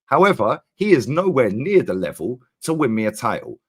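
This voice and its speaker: A Londoner in a heated football debate, talking over the other side. His pitch moves a lot as he presses his point. He leans on slang and quick repeats. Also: big pitch swings, slightly rough. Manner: forceful, interrupts, repeats words and slang. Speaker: guest Arsenal fan.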